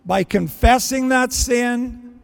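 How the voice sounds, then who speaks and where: A man's voice: extremely high pitch, slow, vocal fry, in a large hall. A man preaching a sermon in earnest, acting out prayers and bits of dialogue as he goes. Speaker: pastor.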